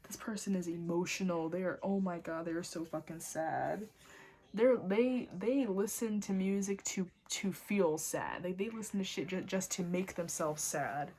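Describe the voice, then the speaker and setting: Animated, cursing young woman tarot reader. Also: lowish voice, moderate pace, husky. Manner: animated, swearing, breaks into laughs and snatches of singing. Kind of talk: casual channeled tarot reading.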